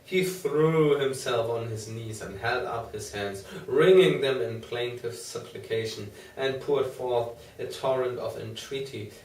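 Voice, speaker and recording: Slow, measured male audiobook narrator. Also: mid-range voice. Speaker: audiobook reader. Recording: roomy, distant mic, faint noise.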